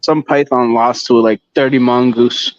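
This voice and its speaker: A man's voice: medium pitch, fairly even intonation, a little slow, dull audio. A man cohosting a casual podcast, blunt and crude. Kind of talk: casual group podcast banter.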